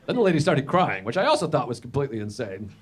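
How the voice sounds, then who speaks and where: A man's voice: sing-song, quick pace. A man doing a stand-up comedy set, self-deprecating and neurotic, with rambling asides and quoted voices acted out. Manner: acts out quoted voices with big jumps in pitch. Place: stage of a comedy venue with a live audience. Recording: live show with audience laughter. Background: crowd laughing.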